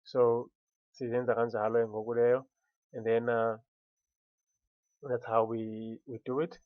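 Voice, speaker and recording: A man with a Xhosa accent walking through a software tutorial, switching between Xhosa and English and stopping to restart words often. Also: mid-range voice, flat delivery, dry recording, narrow, tinny audio. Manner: mixes Xhosa and English, halting with many restarts. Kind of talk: screen-recorded software tutorial.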